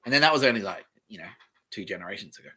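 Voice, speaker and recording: A man's voice: lowish voice, expressive, rapid-fire, sharp tone, husky. A man hosting a podcast, rambling offhandedly and joking as he reads aloud from a screen at home, often trailing off into mumbles. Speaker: podcast host. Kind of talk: rambling casual commentary while reading aloud.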